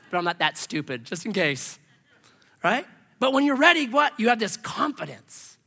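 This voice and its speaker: A male pastor delivering a lively sermon, his high, bright voice leaping up and down as he acts out the people in his stories. He shifts from loud, excited outbursts to quiet, almost whispered asides. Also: brisk. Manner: animated storytelling, acts out dialogue, swings from loud to hushed.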